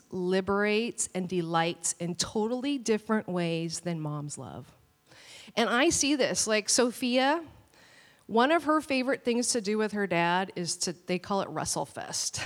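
A woman pastor preaching a sermon with animated, storytelling delivery. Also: mid-range voice. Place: church hall. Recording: long church hall reverb.

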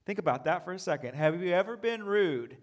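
A man pastor giving a sermon in a relaxed, conversational way, joking at his own expense. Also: high-pitched, brisk. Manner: relaxed, conversational preaching with humor.

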